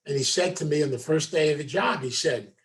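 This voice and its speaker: A man's voice: a little high, fairly quick. A man, a meditation teacher, giving a folksy storytelling talk to a group, full of asides. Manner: folksy, conversational, many asides.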